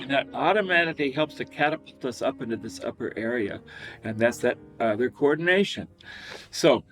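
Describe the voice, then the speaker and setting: A man teaching a singing lesson, talking about voice registers and breaking into sung falsetto whoops to demonstrate. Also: fairly quick, vocal fry, faint music behind. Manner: animated, demonstrates with high falsetto whoops and laughs. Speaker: vocal coach.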